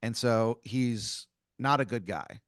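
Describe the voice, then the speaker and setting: A man's voice: mid-range voice, slow, no room sound. Male comedy podcast host, loose rambling storyteller, medium voice, dry sound. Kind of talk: improvised comedy narration.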